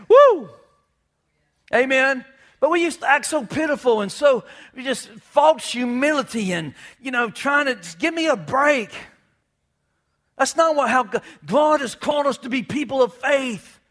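A man's voice: extremely high pitch, expressive, a little slow, bright, forceful tone. A man preaching a sermon, fervent, with call-and-response asides to the congregation. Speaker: pastor.

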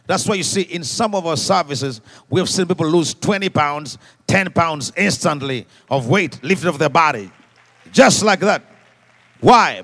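A man preaching a sermon to a live congregation, leading call-and-response and swinging from quiet asides to shouted exhortations. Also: fairly high pitch. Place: church service before a congregation.

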